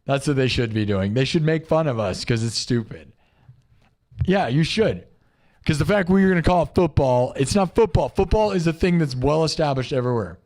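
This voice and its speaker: A man in his thirties with a sore throat hosts a casual livestream, joking, boasting and dropping dude and bro. His voice sits somewhat high for a man. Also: expressive, normal speed, a little mellow. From Iowa, United States. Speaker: livestream music host.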